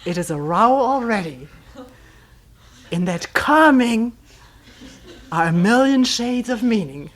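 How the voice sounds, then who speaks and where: Reading a commentary aloud at a retreat, a woman meditation teacher speaks slowly and reflectively, frequently dropping to a breathy near-whisper. Her medium-pitched voice is expressive and occasionally wry, with soft laughter, while a crowd can be heard behind her.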